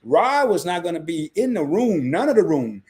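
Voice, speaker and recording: A man co-hosting a casual podcast, talking in an animated way that jumps up high when he makes a point. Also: normal speed, slightly rough. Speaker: podcast co-host.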